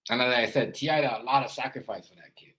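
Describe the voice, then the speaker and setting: A man's voice: mid-range voice, quick pace, sharp tone, poor audio. A man and father giving casual reaction commentary, rambling and earnest, filling his talk with "you know" and "as I said". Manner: earnest, lecturing tone about parenting. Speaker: parent and reaction vlogger.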